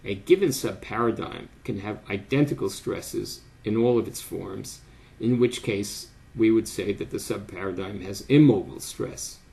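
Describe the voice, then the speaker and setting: An older man giving a measured, formal academic lecture as the lecturer. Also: lowish voice, gravelly, mellow. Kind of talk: academic lecture read from script.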